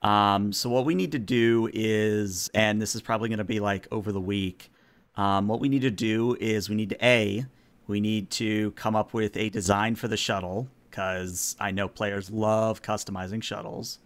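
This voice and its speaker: A man's voice: fairly low pitch, fairly even intonation, moderate pace. Rambling male game master. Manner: rambling, full of ums. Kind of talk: casual chat running a tabletop game stream.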